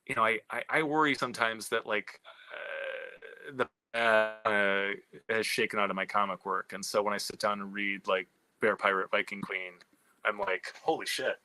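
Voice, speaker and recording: Bright, animated man telling stories. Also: fairly low pitch, moderate pace, low-quality recording. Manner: animated, profane, many restarts. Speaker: screenwriter and comic writer. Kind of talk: candid conversational storytelling.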